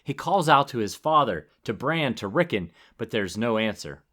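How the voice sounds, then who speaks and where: A man's voice: medium pitch, sing-song, moderate pace, fairly bright tone. A man co-hosting a podcast, reacting wryly in casual chat and reading a chapter summary. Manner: wry, easygoing responder. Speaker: podcast co-host.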